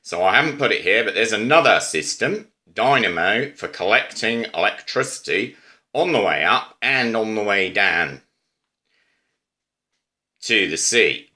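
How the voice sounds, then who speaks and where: A man's voice: lowish voice, lively intonation, sharp tone. A man with an Australian accent, casually explaining an eco-friendly invention in a rambling, musing way. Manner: unhurried, musing, with fillers and asides. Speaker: amateur presenter explaining an invention.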